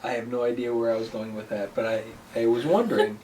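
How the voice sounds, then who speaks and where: Halting, earnest man in casual chat. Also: mid-range voice, a little mellow, recorded from a distance, slight background noise. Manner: earnest, halting, restarts often. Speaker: pool business co-host.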